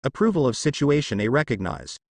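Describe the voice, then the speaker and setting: A man's voice: mid-range voice, huge pitch swings, fairly quick, dry recording. A man voicing a teen boy ninja turned gleeful vampire, laughing maniacally and taunting. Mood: menacing. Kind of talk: fan fiction narration.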